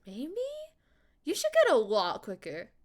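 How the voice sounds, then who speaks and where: A woman streamer and voice actor chatting casually with her viewers, animated, laughing often and swearing freely, using a higher character voice. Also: measured pace.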